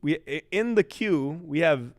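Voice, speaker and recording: A man's voice: a little high, lively intonation, a little slow. A man casting a live esports stream, rambling and joking while talking to chat. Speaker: esports caster.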